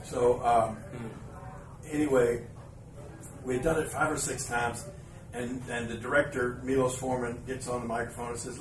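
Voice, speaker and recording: A man hosting a podcast in front of live fans, telling an anecdote in an animated way and chuckling as he acts out the scenes. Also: mid-range voice, moderate pace. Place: live event room with an audience. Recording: roomy, distant live recording with ambient noise.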